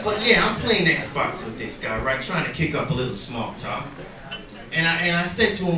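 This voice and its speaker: A man's voice: on the high side, big pitch swings, normal speed. A man doing a profane, conversational stand-up set who keeps asking "right?" as he tells his story. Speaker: stand-up comedian. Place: comedy club stage before a live audience. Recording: roomy club, mic far off, loud crowd.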